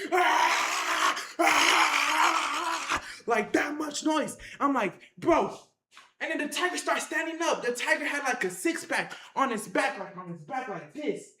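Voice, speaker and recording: High voice, hyped up, telling a crazy story w/ tons of "like" and "bro", yelling sound effects, echoey room. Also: a little hiss or hum. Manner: excited, acts out the action with sound effects and shouts; heavy slang and filler "like", repeats phrases. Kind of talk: animated tall-tale storytelling to viewers.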